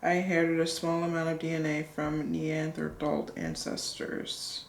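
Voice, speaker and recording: Excitable woman vlogger with a low, slightly gravelly voice, recorded in an echoey room. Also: normal speed. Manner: excitable, gushing. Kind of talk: casual vlog, reading results aloud.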